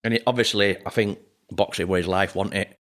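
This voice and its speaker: Yorkshire man, podcast host, quick talker, lowish voice, chatty and jokey. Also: steady tone, fairly bright tone. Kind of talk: casual interview chat.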